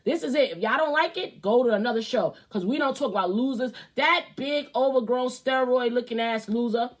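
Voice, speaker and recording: Brief: woman show host, high voice, brash swearing rant. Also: fairly quick. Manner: blunt, loud, swearing, animated. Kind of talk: profane opinion rant.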